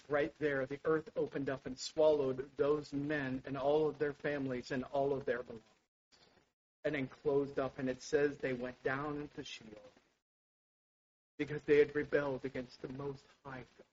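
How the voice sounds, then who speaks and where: A man preaching a sermon with passion, dropping to a hush and then rising to loud exclamations. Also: medium pitch, flat delivery, normal speed. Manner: impassioned, swings from hushed to loud exclamations. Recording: dull lo-fi sound.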